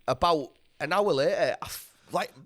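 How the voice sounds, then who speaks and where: A man's voice: on the high side, moderate pace, a bit bright. A man, a podcast guest in a studio, telling a story in casual chat, swearing constantly and laughing as he goes.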